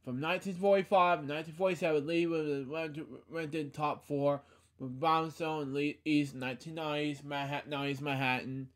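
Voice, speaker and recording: A young man hosting a podcast, reading a tribute aloud in a halting way with many fillers and restarts, out of breath. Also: on the high side, steady tone. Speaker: podcast host.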